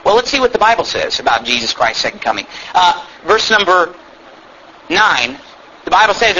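A man's voice: sits high, very animated, moderate pace, sharp tone, a little hiss or hum, low-quality recording. A man preaching a sermon, emphatic and sarcastic, reading scripture aloud with rising force. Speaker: pastor.

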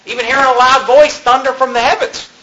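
Man, pastor, sermon, high voice, echoey church room, animated preaching. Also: fast, slight background noise. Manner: animated, conversational preaching with rhetorical questions.

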